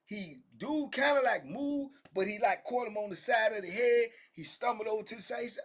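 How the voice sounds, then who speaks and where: A man with a Southern US accent telling a prison story in a casual, animated way, acting out the men's voices. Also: normal speed, few pauses. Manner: acts out the men's voices, rising high and loud for quoted shouting. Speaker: storyteller sharing prison stories.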